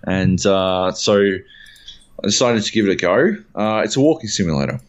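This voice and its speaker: Deep-voiced podcast co-host, animated and profane, with slightly dull lo-fi sound. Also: male voice, moderate pace. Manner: animated, profane, rambling with fillers. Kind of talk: casual chat.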